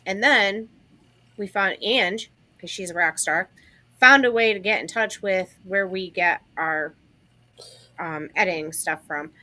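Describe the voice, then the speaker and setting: Bright-voiced chatty woman. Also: mid-range voice, a little slow. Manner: chatty, animated storytelling. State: has the hiccups. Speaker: livestream co-host. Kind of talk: casual livestream chat.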